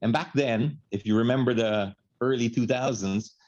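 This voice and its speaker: A man from the Philippines, a radio host, telling a story in casual chat, animated and laughing, with Filipino words mixed in. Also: medium pitch, moderate pace, highs cut off.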